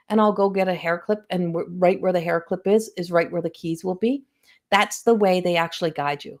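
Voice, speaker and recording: Speaking at a moderate pace with a steady, medium-pitched tone, a middle-aged woman runs a psychic medium livestream from home. She chats animatedly with viewers and frequently acts out quoted voices.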